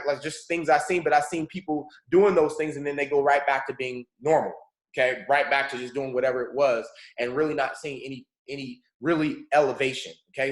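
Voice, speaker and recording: A man from California leading a morning mentorship call, telling a personal story in an earnest, motivational way and often calling his listeners folks. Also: medium pitch. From Pomona, California. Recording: roomy echo.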